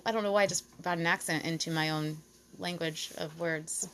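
A woman's voice: sits low, fairly even intonation, a little fast. A woman hosting a podcast, chatting and joking with friends around a table and laughing often. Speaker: podcast host. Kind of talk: casual chat with friends.

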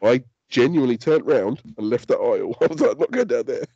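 A man's voice: mid-range voice, fast talker, breathy edge, no echo, muffled recording. A man, co-hosting a podcast in casual chat and telling stories with lots of swearing. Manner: sweary, animated storytelling. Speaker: podcast co-host.

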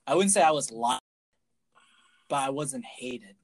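A man's voice: medium pitch, expressive, measured pace, no room sound. A young man chatting casually as co-host, often tripping over his words and laughing. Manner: stumbling, repeats words, giggly. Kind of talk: casual chat.

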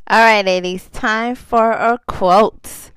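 A young woman hosts a casual chat podcast for mothers, speaking slowly in a steady, mid-range voice. She's chatty and laughs often, drawing out phrases for emphasis.

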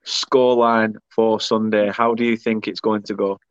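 A man's voice: fairly low pitch, little pitch movement, moderate pace, clean tone, no room sound. Chatty guy hosting a show, reads out comments, dry dull sound. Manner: chatty, laughs often, reads comments aloud. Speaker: podcast host reading viewer comments. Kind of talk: casual chat.

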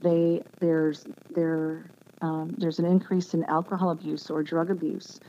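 A woman giving an earnest, emotional personal testimony as an interview guest, speaking haltingly with many restarts. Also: low voice, little pitch movement, dark tone. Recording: dull lo-fi sound with faint background noise.

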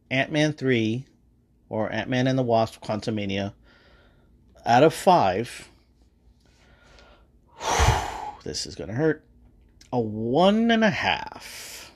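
A man's voice: mid-range voice, expressive, takes it slowly, long pauses. A man hosting a podcast and giving a casual, rambling movie review, full of swearing and hesitant fillers. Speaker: podcast host.

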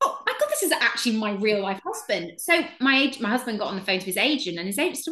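An Englishwoman in her thirties speaks quickly with few pauses in a medium-pitched voice, in an echoey room. She's a guest in a casual chat, animatedly telling a story and acting out the voices of what everyone said.

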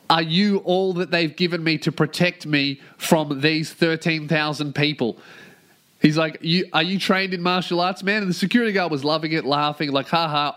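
A man hosting a solo comedy podcast, ranting and telling a story with plenty of swearing. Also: a little high. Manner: profane, ranting, animated storytelling. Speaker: podcast host.

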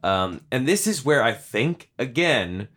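A man's voice: mid-range voice, big pitch swings, measured pace, fairly bright tone. A man co-hosting a casual movie podcast, swearing freely and rambling as he acts out jokey scenes. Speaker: podcast co-host. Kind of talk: casual movie-review chat.

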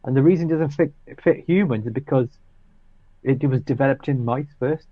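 A man's voice: mid-range voice, fairly quick, no echo. A man chatting casually as co-host, trading dry joking asides. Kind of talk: casual chat. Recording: dull dry sound.

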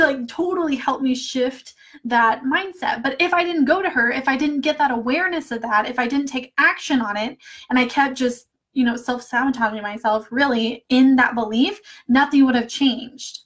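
Chatty, candid woman with a higher voice. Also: normal speed, a bit bright. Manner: chatty and candid, laughs often. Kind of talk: casual live chat answering viewer comments.

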